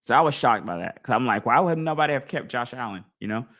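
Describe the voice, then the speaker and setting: A man hosting a casual live stream, talking through his choices out loud and acting out imagined crowd voices. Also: medium pitch, animated, quick pace. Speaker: fantasy football league podcast host.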